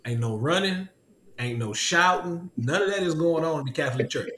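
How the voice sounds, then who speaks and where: A podcast host, a man with a somewhat high, slightly bright voice, animatedly tells a personal story at a moderate pace, laughing a lot and repeating his lines. It's a casual testimony chat recorded in an echoey room with faint ambience.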